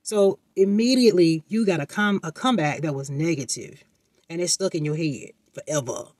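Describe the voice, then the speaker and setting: A man's voice: a little high, normal speed, a little mellow, no room sound. A man vlogging in a casual, rambling monologue while sitting at home making something, with many fillers and acted-out quotes.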